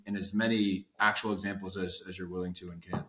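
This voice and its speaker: A man's voice: deep voice, flat delivery, fast, fairly bright tone, reverberant. Casual male podcast co-host. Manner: casual, lots of likes, rambling questions. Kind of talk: casual interview chat.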